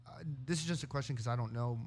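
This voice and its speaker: A man hosts a relaxed interview in a mid-range voice. He stumbles through his questions and repeats words as he searches for them. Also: mid-range voice, quick pace, slight background noise. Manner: hesitant, repeats words while asking. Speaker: interviewer, host. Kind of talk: casual interview.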